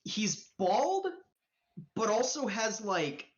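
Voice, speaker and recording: Woman gm narrating a tabletop stream, slow and casual, swears a lot, muffled audio. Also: mid-range voice, big pitch swings. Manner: casual, profane, rambling with fillers. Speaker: game master.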